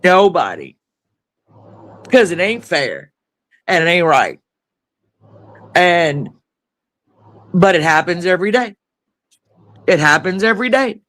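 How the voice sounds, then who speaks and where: A man's voice: high voice, very animated, slow pace, pauses often, bright, forceful tone. A man hosting a live stream discussion, impassioned, grieving and swearing freely.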